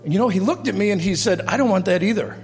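A man in his fifties giving a church testimony to a congregation, telling his story with lively acted-out dialogue and chuckles at himself before moving into preaching. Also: high voice, racing. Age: 50s. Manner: animated storytelling, acting out quoted dialogue, laughing at himself. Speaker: guest speaker giving testimony. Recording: reverberant hall with faint music.

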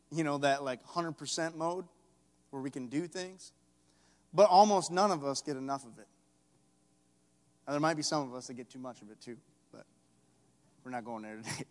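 A man preaching a sermon in a church, swinging from soft conversational asides to loud impassioned calls. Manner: building to loud impassioned calls, then dropping low. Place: church sanctuary. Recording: echoey church hall.

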